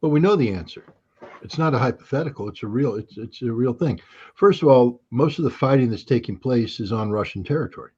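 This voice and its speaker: A man's voice: medium pitch, lively intonation, a little fast, a little mellow, slightly rough, dull audio. A man speaking as an interview guest, blunt and sardonic in casual talk. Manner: blunt, sardonic, with short laughs.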